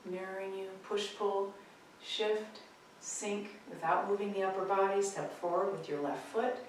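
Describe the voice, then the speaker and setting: A woman leading a tai chi practice, cueing movements calmly and gently with pauses between steps. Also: mid-range voice, distant mic, a little hiss or hum. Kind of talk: guided movement instruction. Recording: echoey room, voice from off-mic.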